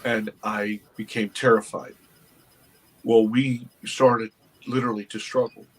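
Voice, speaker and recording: A man, an interview guest, earnestly telling a personal story with halting restarts. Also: fairly low pitch, level tone, a little hiss or hum, rough recording. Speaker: interview guest, documentary producer.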